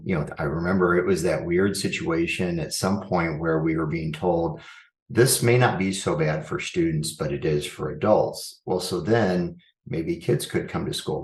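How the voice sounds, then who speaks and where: A man's voice: deep voice, roomy sound. A man, a school superintendent, giving earnest, reflective interview answers and thinking aloud with frequent restarts.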